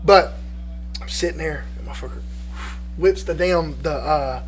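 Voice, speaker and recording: Animated high-voiced man. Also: normal speed, soft background music. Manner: animated, profane storytelling. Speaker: podcast participant telling stories. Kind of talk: casual chat.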